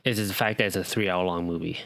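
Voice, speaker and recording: A young man with a fairly low voice talks through his opinions in a loose, rambling way, full of ums and self-corrections. The recording is dry and close, with no room sound. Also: steady tone, fast talker, gravelly, fairly bright tone, dry recording. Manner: rambling with many ums and restarts. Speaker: podcast co-host. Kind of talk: casual chat.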